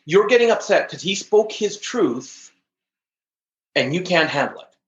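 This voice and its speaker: A man quoting his wife as a blunt, practical woman who speaks calmly and firmly, in an echoey, dull recording. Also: lowish voice, measured pace.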